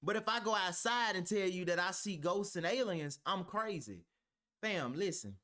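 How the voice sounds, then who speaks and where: A man's voice: high voice, lively intonation, moderate pace, bright, forceful tone. A man reacting to a clip, heated and argumentative, talking with heavy profanity. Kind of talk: ranting reaction commentary.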